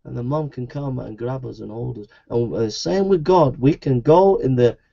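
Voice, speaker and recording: Man, preacher, pleading sermon, repetitive, dark mellow voice, muffled lo-fi recording. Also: normal speed, creaky. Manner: pleading, repetitive, with sudden rises into a high voice. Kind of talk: evangelistic sermon. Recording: dull lo-fi recording.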